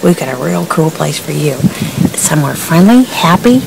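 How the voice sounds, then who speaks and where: A woman's voice: low-pitched, animated, moderate pace, gravelly, darkish tone, far from the mic, a little hiss or hum, poor audio. A woman who works as a process server, chatting in a rambling vlog style with many fillers and restarts, laughing between sentences. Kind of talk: casual storytelling vlog.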